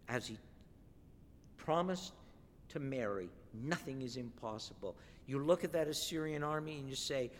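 Male preacher, slightly high voice, emphatic sermon delivery that builds to forceful declarations, long hall reverb. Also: a little hiss or hum.

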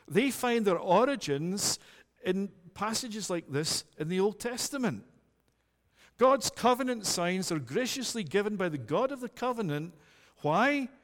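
A male preacher with a high, lively voice that rises and falls across each phrase. He speaks earnestly and emphatically, putting direct questions to his listeners. The sound carries a long hall reverb. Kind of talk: sermon.

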